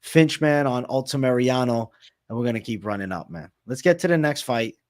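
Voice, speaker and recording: A man's voice: mid-range voice, lively intonation, brisk, dry recording, clean studio sound. A man hosting a betting podcast, talking fight picks in a loose, joking, slangy way. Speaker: MMA betting podcast host. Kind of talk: casual fight-picks chat.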